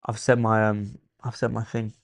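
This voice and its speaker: A young man with an English accent hosting a casual football watchalong stream, teasing viewers and thinking out loud. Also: on the low side, little pitch movement, normal speed, gravelly, no room sound.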